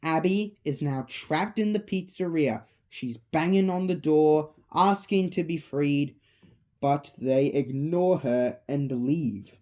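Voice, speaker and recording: A woman retelling a spooky fan story in a relaxed, offhand way. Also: deep voice, slow pace. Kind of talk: casual storytelling.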